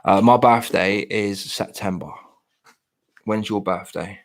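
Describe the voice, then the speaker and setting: A man's voice: lowish voice, steady tone, takes it slowly. A British man in his late thirties to forties, chatting casually and ramblingly to his live stream viewers, self-deprecating. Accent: British English.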